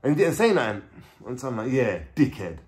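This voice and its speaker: A man with a London accent recounts a story in a loose, conversational way. He talks in street slang, swears freely and keeps checking in with the listener. His voice sits at an ordinary middle pitch. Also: very animated, fast talker, darkish tone. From England. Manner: street slang, swearing, frequent "you know what I'm saying". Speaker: vlogger. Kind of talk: casual storytelling.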